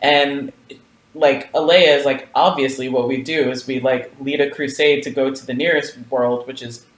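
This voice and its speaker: A man co-hosting a podcast, casually retelling a story with quick quoted asides and laughter. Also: mid-range voice, steady tone. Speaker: podcast co-host. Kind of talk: casual book discussion. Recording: roomy echo.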